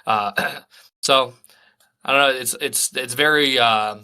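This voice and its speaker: Guy with a bright, sharp voice, getting over a cold, lots of uhs and restarts, chatting casually. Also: medium pitch, clean tone. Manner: halting, many fillers and restarts. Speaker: podcast co-host. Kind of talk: casual chat.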